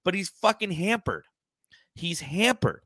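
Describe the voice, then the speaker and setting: Podcast co-host, male, bright edge in the voice, dry close sound, blunt and salty, heavy on stats. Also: high voice, very animated, unhurried, dry recording. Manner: blunt, profane, quoting stats. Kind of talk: casual sports podcast chat.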